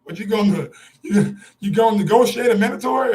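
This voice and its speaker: A man's voice: sits high, brisk, a little mellow. A man hosting a sports show, ranting in a heated, profane live-stream style, repeating his points for emphasis.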